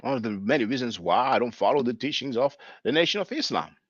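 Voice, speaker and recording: A man's voice: mid-range voice, animated, quick pace, slightly rough, no room sound, lo-fi sound. A man giving chatty, mocking commentary on video clips, with many fillers.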